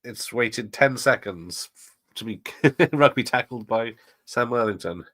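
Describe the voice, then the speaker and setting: A man's voice: mid-range voice, measured pace, a bit bright, no echo. A middle-aged man hosting a watch party, chatting casually, laughing often and wandering into asides while he reads the chat. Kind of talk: casual live commentary reading chat.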